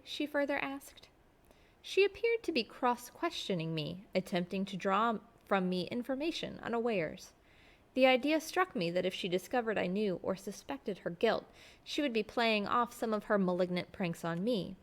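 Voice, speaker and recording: A woman storyteller reading a classic novel aloud in a steady, expressive way. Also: mid-range voice, moderate pace.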